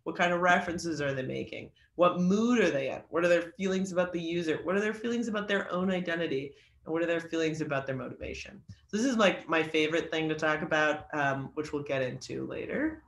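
A man's voice: a little high, fairly quick, fairly bright tone, roomy sound. A man teaching an online creative writing class, chatty and joking, with lots of fillers. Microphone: video call.

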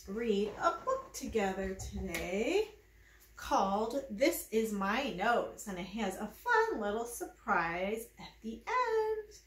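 Lady librarian doing baby storytime, super bouncy voice, slow and coaxing, gasps for the babies. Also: a little high, fairly bright tone, roomy sound. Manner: sing-song, coaxing questions to babies with gasps of delight. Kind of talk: baby storytime reading and rhymes. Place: at home.

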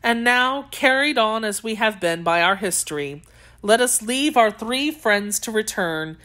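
A woman reading a classic novel aloud as an audiobook narrator, in a steady, clear reading manner. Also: a little high, unhurried. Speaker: audiobook reader.

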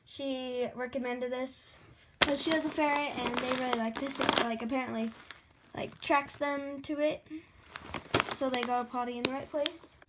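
A young woman vlogging casually at home in a chatty, excitable way, often quoting what others said. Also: high-pitched, moderate pace, very noisy. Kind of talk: casual vlog chat to camera.

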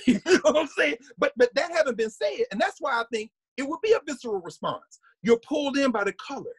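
A man giving an animated, conversational lecture as a guest. He often restarts his sentences and hums or sings short snippets to make his points. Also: very high voice, fairly quick, hardly any pauses, no room sound.

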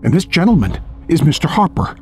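A jumpy former doctor stammers in a high, husky voice, as a man puts him on. His lines swing widely in pitch over faint music in an audiobook. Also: sing-song, brisk, a little mellow. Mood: relieved. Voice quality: stammering, breathless. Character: nervous male doctor turned gambler, easily rattled. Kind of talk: audiobook character voice.

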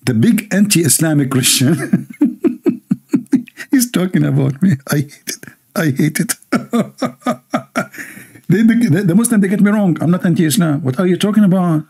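Gravelly, mocking livestream host. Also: male voice, fairly high pitch, lively intonation, fairly quick, dark tone. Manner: mocking, laughing, reads comments aloud. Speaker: livestream host reading comments. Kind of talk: sarcastic livestream commentary.

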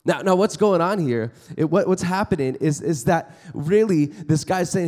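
A man giving a conversational chapel sermon to students, acting out everyday scenes with quick quoted voices. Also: a little high, a little mellow. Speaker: chapel speaker. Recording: long hall reverb in a chapel.

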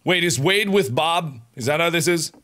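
A man streaming a multiplayer game with friends, loud and teasing, laughing and yelling often. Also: fairly high pitch, animated, moderate pace. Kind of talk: excited multiplayer gaming chatter.

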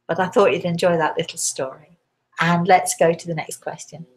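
A woman hosting a live talk as a spirit medium answers viewer questions and tells stories in a chatty style. Her voice is on the low side with a steady tone and normal speed, and she hesitates frequently, restarting and using fillers.

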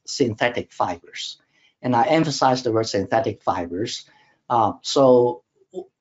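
A man's voice: mid-range voice, a little mellow, muffled recording. Man giving a technical slide lecture. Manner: measured, explanatory, with frequent fillers and restarts. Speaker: webinar presenter.

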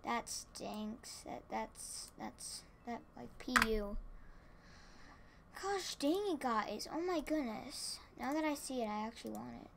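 Excitable woman gamer, gravelly edge. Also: on the high side, a little slow, few pauses, background noise. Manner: excitable, rambling, exclaims and repeats words. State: tired. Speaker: gaming channel host. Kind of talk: casual gameplay commentary. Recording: keyboard clicks and typing behind.

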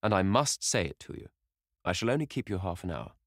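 An earnest painter speaks gravely in a very low, deep voice, pressing a worried friend, played by a man. His manner is serious and measured. The recording is dry and close. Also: very animated, no room sound.

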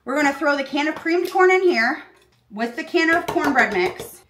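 High, bright, aggressive woman cooking host. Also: moderate pace, echoey room, a little hiss or hum. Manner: aggressive, deadpan complaining. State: panicking, uncomfortable in a costume. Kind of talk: comedic cooking tutorial. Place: home kitchen.

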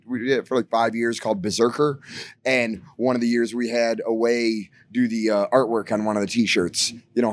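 A man from Detroit chatting in a casual interview, telling stories in a rambling, animated way with lots of fillers. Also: medium pitch, no room sound. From Detroit, USA. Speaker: band frontman interviewed. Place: bar venue backstage.

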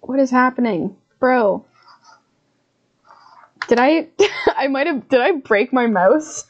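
Woman, game streamer, slow drawling talk, swears and laughs at her own scares, dull muffled audio. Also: sits high, lively intonation, a little hiss or hum. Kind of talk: live gameplay commentary.

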